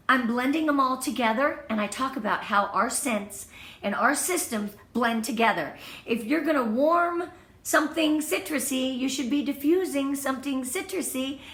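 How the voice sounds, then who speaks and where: A woman's voice: sits high, a bit bright. Upbeat woman coaching in an echoey room. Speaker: direct-sales consultant coaching her team. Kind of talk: training talk on giving online party presentations. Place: indoors at home in front of a product display wall.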